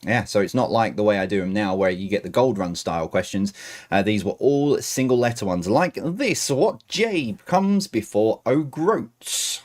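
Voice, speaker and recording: A man hosting a livestream quiz, reading questions slowly between rambling, chatty asides. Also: on the low side, expressive. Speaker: quiz host.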